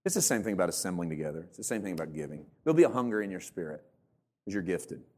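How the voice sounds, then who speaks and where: A man's voice: low voice, big pitch swings, rapid-fire, a little mellow. A man preaching a sermon as pastor in a church, joking and mocking himself while acting out churchgoers. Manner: humorous, self-mocking, acts out church members in put-on voices.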